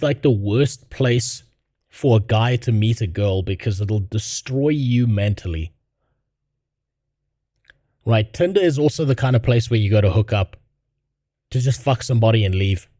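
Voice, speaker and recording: A man's voice: mid-range voice, darkish tone, no echo, clean studio sound. A man streaming a reaction video, chatting in a blunt, profane and sarcastic way with his viewers. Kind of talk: casual livestream reaction chat.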